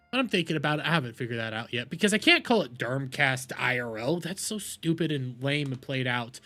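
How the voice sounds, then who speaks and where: A man's voice: fairly high pitch, bright, forceful tone. A man hosting his live stream in casual chat, rambling with restarts and self-deprecating asides. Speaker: streamer host.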